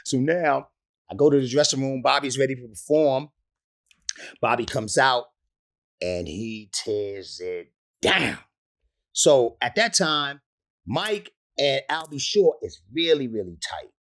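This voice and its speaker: A man's voice: mid-range voice, animated, slow, fairly bright tone. A man, a rapper telling stories in an interview, profane and laughing often. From the Bronx, New York. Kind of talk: animated storytelling in an interview.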